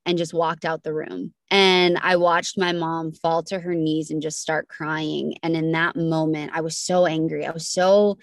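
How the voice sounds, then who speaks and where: A young woman speaks in a lowish voice, telling a personal story with fierce intensity. She repeats phrases for emphasis, and the recording is dry and close, with no room sound. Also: flat delivery, a little slow, creaky, few pauses, no room sound. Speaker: podcast guest.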